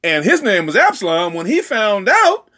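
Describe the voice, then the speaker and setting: Male preacher, lively storytelling delivery, voices each character, wide swinging pitch. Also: normal speed, slightly rough. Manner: animated, acts out dialogue in character voices. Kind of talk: sermon storytelling.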